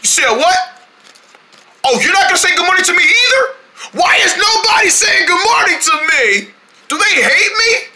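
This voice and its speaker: A man voicing an excitable young male cartoon deer who shouts and complains at everyone. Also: sits high, exaggerated voice. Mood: indignant. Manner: shouty, indignant, quick to complain. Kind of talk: cartoon voice acting.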